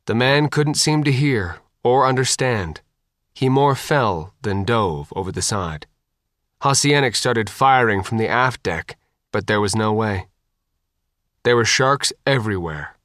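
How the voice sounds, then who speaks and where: A man narrating an audiobook with an expressive, animated delivery and a lively rise and fall. His mid-pitched voice is recorded close and dry, with no room sound. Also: a little slow, no echo.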